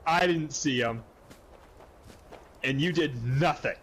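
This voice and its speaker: A man's voice: on the high side, takes it slowly, a little hiss or hum. A man on a gaming channel telling a story in casual chat, swearing and acting out the dialogue. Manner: animated, swearing, acts out dialogue. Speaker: gaming video co-host.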